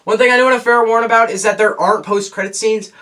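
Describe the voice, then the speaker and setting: A teenage boy giving a casual, rambling movie review, excitable and full of restarts. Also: high voice, fast. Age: teens.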